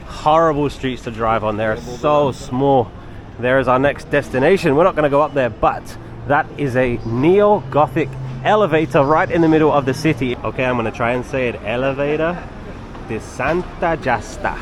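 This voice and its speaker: A man's voice: mid-range voice, moderate pace. A young man casually narrating a travel vlog outdoors as he walks, chatty and easygoing, talking straight to his viewers. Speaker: travel vlogger. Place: outdoors on city streets. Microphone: handheld camera while walking. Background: faint street and traffic noise.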